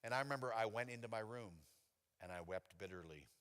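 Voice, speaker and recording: A man giving a testimony sermon, telling his story with lively acted-out quotes. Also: fast talker. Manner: animated storytelling with high-pitched acted-out quotes. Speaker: preacher. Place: church hall. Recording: long reverb of a church hall.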